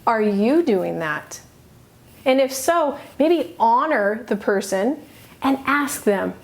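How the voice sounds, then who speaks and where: A middle-aged woman coaching, earnest and emphatic, pausing between short phrases. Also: a little high, big pitch swings, vocal fry. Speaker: self-help coach. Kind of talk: motivational teaching talk.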